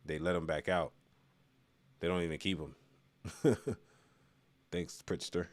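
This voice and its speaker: A man's voice: low voice, steady tone, unhurried, no room sound. A man from Chicago doing loose, rambling live-stream commentary, reading chat and laughing at his own remarks.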